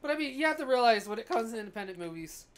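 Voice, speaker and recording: A woman's voice: fairly high pitch, expressive, racing. A woman co-hosting a podcast in casual chat, adding wry joking asides. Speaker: podcast co-host.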